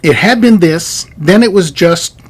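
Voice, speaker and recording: A man giving a recorded university lecture, animated and digressive, with joking asides. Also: high-pitched, a little slow, breathy edge. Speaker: university instructor.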